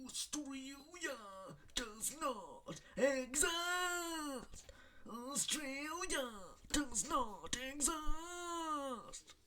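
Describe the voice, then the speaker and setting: A man doing a shrill shouting celebrity impression. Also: lively intonation, drawn-out words, heavily acted. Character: shouting male celebrity impression, over the top.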